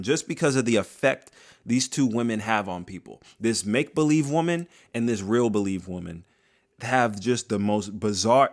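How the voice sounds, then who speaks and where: A man giving a casual, joking commentary monologue, full of slang and drawn-out asides, as a video creator. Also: mid-range voice.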